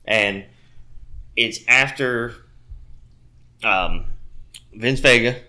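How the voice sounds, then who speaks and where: A man co-hosting a casual podcast, rambling through retellings of movie scenes and often clearing his throat. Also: medium pitch, drawn-out words, pushed and bright. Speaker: podcast co-host. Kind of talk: casual film chat.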